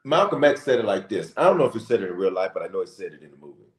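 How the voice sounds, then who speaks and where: Low-voiced preaching bishop, very animated delivery, roomy echo. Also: male voice, very fast. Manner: impassioned, rising to shouted emphasis. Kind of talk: preaching in a church talk show.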